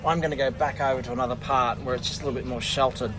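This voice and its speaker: A man's voice: mid-range voice, fairly even intonation, racing, over loud music. A man vlogging from his small fishing boat outdoors, chatty and self-mocking, rambling with fillers. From Australia. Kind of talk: casual vlog narration.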